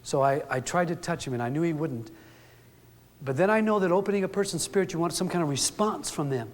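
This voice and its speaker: Heard through long hall reverb, a middle-aged man's fairly high voice runs a little fast with lively intonation. He is an earnest, folksy storyteller addressing an audience and performing each quote.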